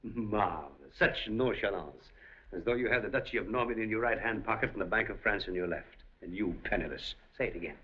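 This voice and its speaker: On a dull old film soundtrack, a man plays an older, suave, scheming casino operator in a 1930s picture, speaking a little fast in a lowish voice with a breathy edge. The character is urbane, smooth and commanding, dryly amused yet coolly threatening.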